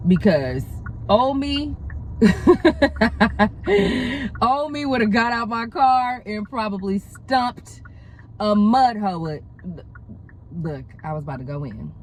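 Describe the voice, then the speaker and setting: A woman's voice: medium pitch, lively intonation, measured pace, long pauses, slight background noise, poor audio. A young woman vlogger telling a story in a casual, profane way and laughing often. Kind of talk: storytime vlog.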